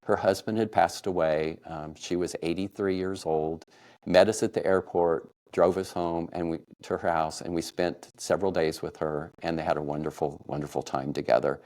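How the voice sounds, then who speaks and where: Deep-voiced man telling a family story. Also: steady tone, normal speed. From Kansas. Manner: warm, emotional retelling with soft laughs. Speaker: podcast storyteller. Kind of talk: personal storytelling.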